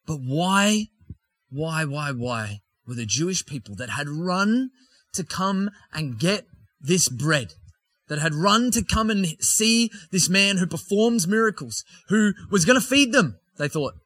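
Bright-voiced male preacher with casual asides. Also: high-pitched, expressive, unhurried, no room sound. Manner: conversational asides, joking with the congregation. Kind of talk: sermon with scripture reading.

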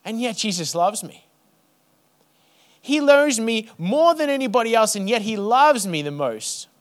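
A man preaching a sermon to his church, building rhythmic lists and then dropping to a soft hush. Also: high-pitched, sing-song, a little slow. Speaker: pastor.

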